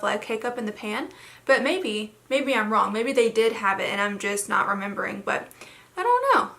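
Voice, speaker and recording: Bright, chatty young woman vlogger. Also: fairly high pitch. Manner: chatty, rambling with many fillers. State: slightly hoarse, frog in her throat. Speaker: beauty vlogger. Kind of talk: casual makeup tutorial chat.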